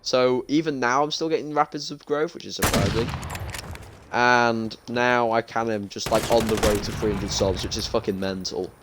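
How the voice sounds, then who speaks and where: Chatty British teen streamer ranting. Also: male voice, mid-range voice, steady tone, normal speed, background noise. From United Kingdom. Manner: chatty and ranting, frequent restarts. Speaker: game streamer. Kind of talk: casual gaming stream chat. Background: faint game gunfire.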